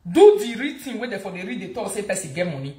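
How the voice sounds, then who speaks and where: A woman with a Nigerian accent hosts a casual gossip vlog, teasing and mocking as she talks. She sits at a middle pitch and keeps hammering words through repetition. Her voice rings in an echoey room. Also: fast. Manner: animated, mocking, repeats words for emphasis. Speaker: gossip vlogger.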